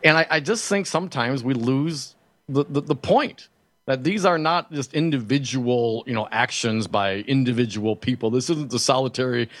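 A man's voice: mid-range voice, moderate pace, dry recording. A man hosting a radio talk show, stammering through restarts as he builds indignant political points. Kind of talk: casual political chat. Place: radio studio. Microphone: studio microphone.

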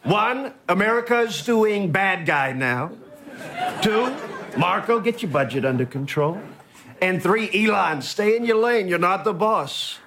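A man's voice: high-pitched, lively intonation, a little slow, fairly bright tone, slight background noise, exaggerated voice. An actor playing a brash, boastful older male president who rambles and throws sarcastic jabs in a comedy sketch. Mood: mocking. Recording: sketch-show clip with audience laughter.

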